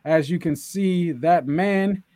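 A man co-hosting a casual wrestling podcast, animated and joking as he recaps the show. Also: fairly high pitch, takes it slowly, no room sound. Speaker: podcast co-host.

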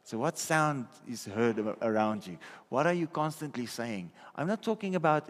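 A man's voice: medium pitch, very animated, moderate pace. Man preaching in a reverberant hall. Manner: conversational, checks in with listeners often. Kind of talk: sermon. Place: church hall.

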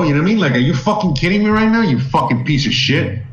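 A man's voice: a little high, animated, fast, reverberant, recorded from a distance, dull audio. A man ranting in casual chat at home, heated and profane with many fillers. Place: home in Mexico.

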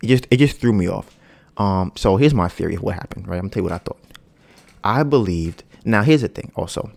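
With a slightly fast delivery and some vocal fry, a man hosting a podcast tells a long story in loose, slangy casual talk full of fillers. He's animated, acting out the people's lines with a rising pitch.

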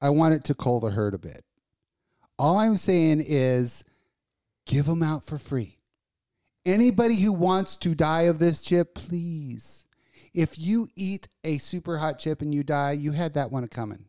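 A woman co-hosting a podcast, telling a story in a casual, animated and profane way. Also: low-pitched, unhurried, no echo, studio quality. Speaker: podcast co-host. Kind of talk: casual chat.

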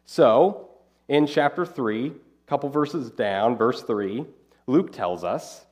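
Animated male preacher, lively voice. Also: mid-range voice, slow. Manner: conversational, animated Bible teaching. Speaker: pastor. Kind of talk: sermon.

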